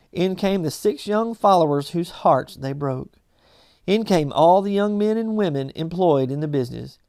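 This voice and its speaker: A man reading a classic novel aloud in a measured storytelling manner. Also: on the high side, creaky, dark tone, no room sound, clean studio sound. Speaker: audiobook reader.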